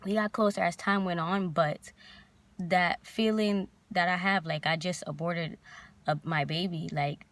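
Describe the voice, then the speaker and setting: A young woman vlogger telling a painful personal story in a halting, emotional way, near tears. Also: lowish voice, steady tone.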